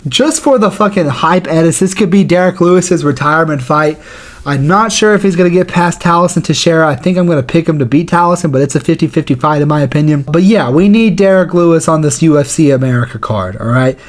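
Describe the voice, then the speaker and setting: Slangy, profane man with a higher voice. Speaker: channel host. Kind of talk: casual commentary.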